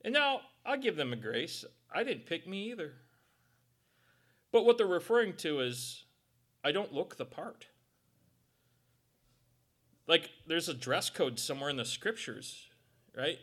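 A male pastor gives a loose, conversational sermon, his voice sitting high and leaping around in pitch. He jokes, acts out quotes and makes little sound effects. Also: sing-song, measured pace, pauses often, fairly bright tone.

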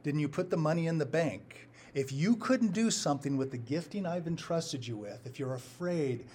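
A man preaching a sermon as a pastor, emphatic and repetitive, with his loudness rising and falling to stress his points. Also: a little high, animated, moderate pace, a little hiss or hum. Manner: emphatic, rises and drops in volume for stress, repeats phrases.

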